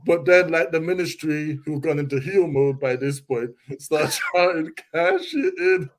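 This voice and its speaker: Slightly high-voiced rambling podcast man. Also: fairly even intonation, moderate pace. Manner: loose storytelling full of "like" and "you know". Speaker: podcast co-host. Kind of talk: casual podcast chat.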